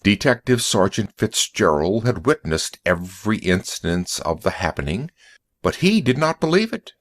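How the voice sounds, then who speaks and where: A man narrating a story in a slow, clear audiobook reading for English learners. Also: lowish voice, big pitch swings. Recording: dry close recording.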